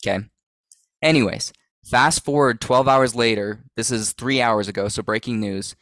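A man's voice: medium pitch, moderate pace, a bit bright, no echo. A man co-hosting a podcast in casual chat, joking and sarcastic as he leads the segments. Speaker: podcast co-host.

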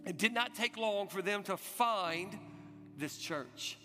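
A man preaching a sermon, telling a story dramatically, swinging from urgent loud passages to hushed, quiet ones. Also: high voice, expressive, slow pace. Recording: long hall reverb with music behind.

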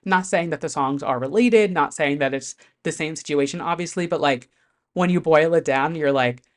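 A chatty vlogger talking straight to camera in a loose, animated way, full of fillers and the odd curse word. The voice sits at a middling pitch, neither high nor low. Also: normal speed. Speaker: pop music commentator host. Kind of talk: casual chat to camera.

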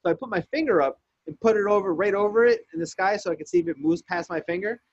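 A man's voice: high-pitched, fast, breathy edge, dry recording, dull audio. A man telling a story in casual podcast chat, swearing freely and acting out the lines he quotes. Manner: profane, animated storyteller who acts out quotes.

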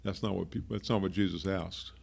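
A pastor delivers a conversational sermon, stopping to unpack word meanings and drift into asides. His man's voice sits low and carries a steady gravelly fry. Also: fairly quick.

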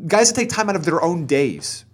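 A man co-hosting a podcast in casual chat, animated and opinionated, often restarting his sentences. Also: fairly high pitch, brisk. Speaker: podcast co-host.

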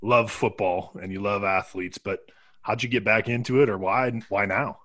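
A man's voice: lowish voice, steady tone, moderate pace, fairly bright tone. A man co-hosting a podcast who asks the guest easygoing, loosely phrased questions. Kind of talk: interview questions.

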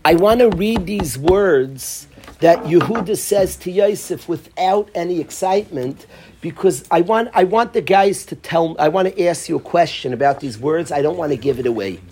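A man teaching a Torah class, mixing Hebrew phrases into his English and swinging between soft and loud as he tells the story. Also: fairly high pitch, lively intonation, moderate pace, slight background noise.

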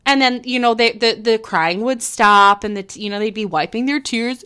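Bright-voiced woman musing earnestly. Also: fairly high pitch, moderate pace, hardly any pauses, smooth. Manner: gentle, earnest, thinks aloud with repeated restarts. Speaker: podcast host. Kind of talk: reflective spoken monologue.

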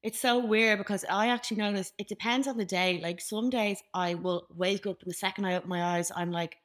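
A young woman co-hosting a podcast, chatting casually in a blunt, crude and animated way. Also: medium pitch, brisk. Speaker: podcast co-host. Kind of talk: casual chat.

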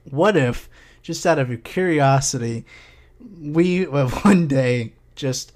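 A man's voice: medium pitch, slow pace, darkish tone. A young man co-hosts a loose podcast in a mid-range voice. He rambles in a laid-back way and laughs easily as he talks. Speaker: podcast co-host. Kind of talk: casual chat.

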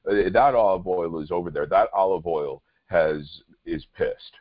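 A man with a very low, deep voice chats casually as a co-host, rambling and restarting often. The recording is dry and dead, with a slightly dull, muffled top end. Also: no echo. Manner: rambling, halting, many restarts. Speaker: podcast co-host and wine reviewer. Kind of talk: casual chat.

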